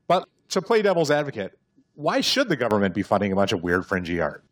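A man's voice: fairly low pitch, huge pitch swings, fast. A man with a Midwestern accent interviewing an author on the radio, wry and joking as he asks long questions.

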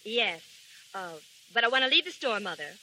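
A woman's voice: a little high, sing-song, normal speed, bright, forceful tone, a little hiss or hum, full character voice. An actress playing a shy, earnest young shop girl in a 1930s radio drama. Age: young adult.

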